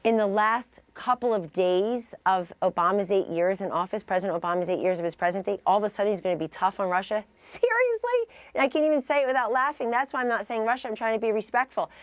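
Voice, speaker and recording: A woman's voice: medium pitch, fairly even intonation, quick pace, no room sound. A middle-aged woman from the United States, a political adviser, arguing insistently and interrupting in a heated TV interview.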